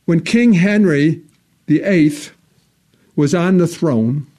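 Earnest preacher man, mellow voice. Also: lively intonation. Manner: earnest preaching, swelling loud on key phrases, dropping low and slow for solemn parts. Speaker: pastor. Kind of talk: sermon. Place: church.

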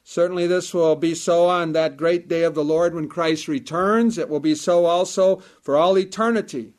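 A man delivers a sermon in a measured, emphatic cadence, his voice sitting a little higher than most men's. He returns to key phrases again and again, weighing each one. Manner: measured, emphatic preaching with repetition. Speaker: preacher.

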